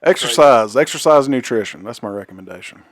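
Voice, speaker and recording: A podcast co-host in casual chat, who gets animated and laughs as he retells a funny bit. His voice sits in an ordinary middle range. The mic is close and dry, with no room sound. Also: medium pitch, fast, no echo. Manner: animated storyteller, laughs while retelling a comedy skit.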